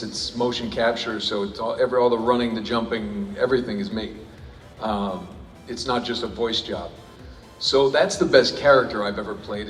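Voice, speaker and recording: A man's voice: fairly low pitch, fairly bright tone. A man answering audience questions at a convention panel, rambling and joking, with lots of restarts. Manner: rambling, self-interrupting, jokey. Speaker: panel guest voice actor. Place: large convention hall. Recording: echoey hall recorded from far off.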